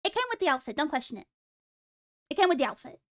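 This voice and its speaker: Giggly high-voiced woman streamer. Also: very animated, quick pace, a bit bright, dry recording, studio quality. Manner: playful, teasing, giggly. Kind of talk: casual stream chat.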